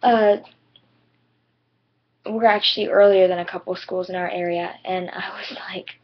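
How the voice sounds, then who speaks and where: A teenage girl with a lowish voice and fairly even intonation tells a story to camera, unhurried. As a vlogger she rambles chattily, using lots of "like" and "you know," on dull lo-fi webcam audio.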